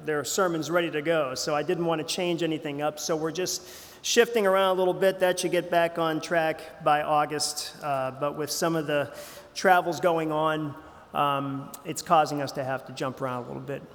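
A man's voice: a little high, fairly even intonation, normal speed, long reverb tail. A man preaching a sermon as pastor, talking in a conversational way with frequent fillers and restarts, heard in a church sanctuary.

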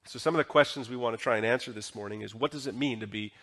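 A man's voice: medium pitch, very fast, fairly bright tone. A male pastor preaching a sermon in a church, talking in a conversational way and often asking the congregation questions. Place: church sanctuary.

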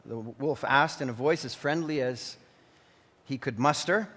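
A man's voice: medium pitch, measured pace, a bit bright. A man preaching a sermon as pastor in an earnest, warning manner, also narrating a story. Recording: long hall reverb.

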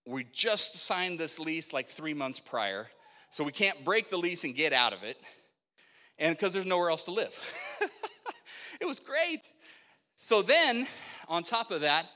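Animated male preacher in an echoing hall. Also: medium pitch. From Spokane, Washington, USA. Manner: animated storyteller acting out dialogue. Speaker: preacher telling his testimony. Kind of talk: sermon testimony storytelling. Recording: long echo of a hall.

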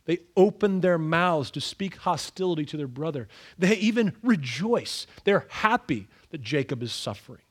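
A man preaching an expository sermon, dramatic and animated, acting out the scripture with sudden raised outbursts. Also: on the high side, moderate pace.

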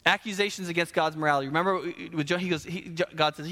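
A male pastor preaching a sermon in an animated, conversational way, full of rhetorical questions. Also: on the high side, fast talker. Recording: long hall reverb.

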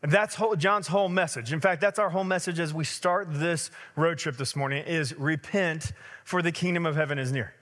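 A man in his thirties preaching a sermon as a pastor, telling stories in a lively conversational way with many fillers. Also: a little high, a little fast, big-room sound.

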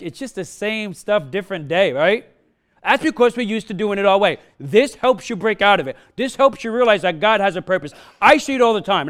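Male pastor, high voice, accented English, punchy sermon delivery with call-outs to the room. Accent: non-native English accent. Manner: punchy, repeats questions to the congregation, frequent "huh?". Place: church sanctuary.

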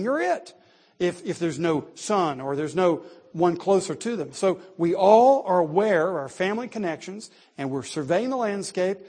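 A male preacher with a fairly high, husky voice works through a passage in a sermon. He keeps it conversational, tossing in wry jokes and questions to his listeners. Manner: conversational, joking asides and rhetorical questions. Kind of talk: expository sermon.

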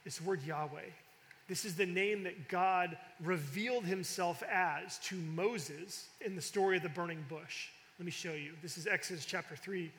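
A man with a high, bright voice teaches scripture in a lively, conversational way, pressing hard on his points and often restarting mid-thought. His words ring out with a long reverb, as in a large hall. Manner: animated, emphatic, with frequent fillers and restarts. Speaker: preacher.

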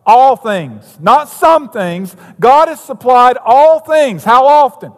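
A man's voice: extremely high pitch, lively intonation, slow pace. A man preaching a sermon as pastor, telling a story and then driving his points home with emphasis. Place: church sanctuary. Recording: long hall reverb.

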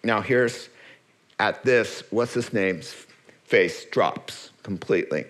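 Male preacher, unhurried sermon delivery, playful asides, acts out characters. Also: fairly low pitch. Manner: lively storytelling, acts out characters with asides and humor.

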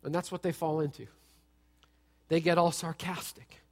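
A man's voice: fairly high pitch, normal speed. Guy preaching, chatty and jokey, echoes round a big church hall. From United States. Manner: animated, conversational, joking, asks the audience questions. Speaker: pastor. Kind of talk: sermon. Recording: long reverb from a large hall.

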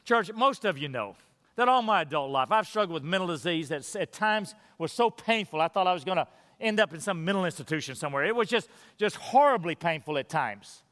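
Bright-voiced emphatic male preacher. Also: lively intonation, brisk, big-room sound. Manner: emphatic, drops to low quiet intensity on key phrases. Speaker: pastor. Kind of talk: sermon.

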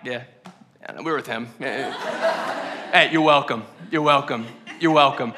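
A man's voice: unhurried, noisy background, lightly acted. A man doing smug, cocky disciples. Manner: smug, lowered, chuckling. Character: smug cocky male disciples handing out food. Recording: long hall reverb.

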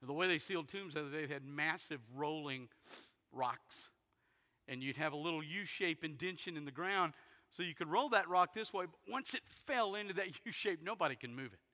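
A man preaching a sermon, retelling a story dramatically and swinging from loud bursts to hushed near-whispers. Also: a little high, brisk. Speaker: pastor. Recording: long hall reverb in a big sanctuary.

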